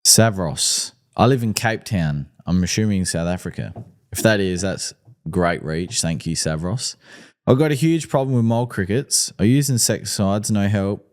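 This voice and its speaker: Deep-voiced Australian man, hesitant. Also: expressive, normal speed. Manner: hesitant, lots of ums and restarts. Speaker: lawn care podcast host. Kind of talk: casual live chat, answering viewer questions.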